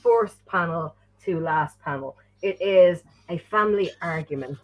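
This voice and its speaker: A woman panelist with a husky voice, chatting casually in an animated way. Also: lowish voice, unhurried, poor audio. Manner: animated, mimicking voices while telling. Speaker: returning panelist. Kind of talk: casual chat.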